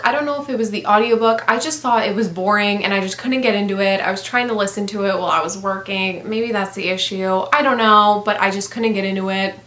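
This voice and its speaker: Woman book vlogger, higher voice, blunt and rambly, curses casually, echoey room. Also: fairly bright tone. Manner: blunt, rambling, swears freely, many fillers. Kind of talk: casual book review chat.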